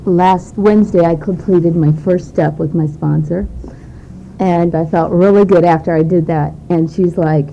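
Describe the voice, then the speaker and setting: A woman's voice: on the low side, steady tone, a little slow, vocal fry. A woman sharing briefly at a recovery meeting, plain and earnest. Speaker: meeting attendee. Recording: dull lo-fi tape with faint noise.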